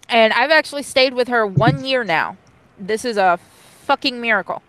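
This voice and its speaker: A young adult woman telling a personal story in casual, profane chat, blunt and animated. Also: on the high side, a little slow, dry recording, low-quality recording. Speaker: co-host.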